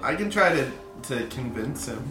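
A man playing a tabletop game, asking questions with animated, hesitant speech. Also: medium pitch, moderate pace, distant mic. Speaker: player. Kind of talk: casual tabletop play. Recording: roomy echo with music behind.

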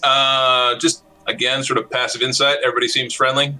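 A man's voice: mid-range voice, level tone, a little fast, pushed and bright, faint music behind, rough recording. A man playing in a tabletop role-playing game, hesitant with lots of fillers. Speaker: player. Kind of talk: tabletop role-play chat.

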